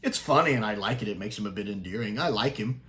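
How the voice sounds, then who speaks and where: Man in a relaxed review, lowish voice, eager and rambling. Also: fast. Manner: enthusiastic, chatty, with fillers and restarts. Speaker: sci-fi reviewer. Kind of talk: casual review commentary.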